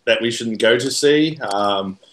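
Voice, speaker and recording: A man's voice: medium pitch, unhurried. A man with a New Zealand accent, a podcast guest chatting casually and telling jokey stories with frequent laughter. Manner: joking storyteller, laughs often. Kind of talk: casual chat. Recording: roomy echo, faint noise.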